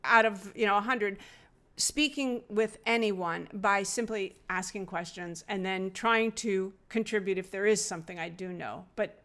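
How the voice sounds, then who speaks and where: A woman's voice: medium pitch, measured pace. A middle-aged woman, the host's mother, telling a personal story in a casual podcast conversation, with fillers and restarts. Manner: warm anecdotal telling with many fillers and restarts.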